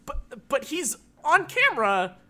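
A man's voice: very high voice, wildly swooping pitch, a little slow, sharp tone. A man co-hosting a podcast in casual chat, rambling with lots of filler words and casual swearing. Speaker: podcast co-host.

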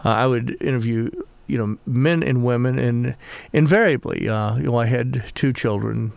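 Man, middle-aged, gravelly voice, dry close sound, thoughtful and halting. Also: medium pitch, fairly even intonation, no echo. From American South. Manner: reflective, halting, many restarts. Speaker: author guest. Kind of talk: conversational interview.

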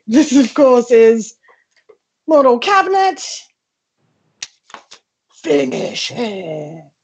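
A young woman talks through a comic show-and-tell over a video call from her front room, a little high in pitch. She is chatty and self-mocking, full of ums and restarts. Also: highs cut off. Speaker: comedian guest. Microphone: video call from home.

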